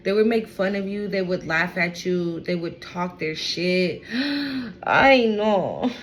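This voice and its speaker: Her voice sits on the low side and stays steady as she reads cards for her viewers at a measured pace. Emphatic and repetitive, this tarot reader keeps saying y'all, all captured on poor audio.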